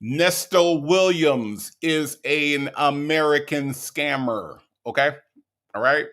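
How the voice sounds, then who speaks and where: A man's voice: fairly high pitch, slow pace, a bit bright. A man hosting a reaction commentary show, talking emphatically and tagging "okay? all right?" onto his points. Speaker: commentary host.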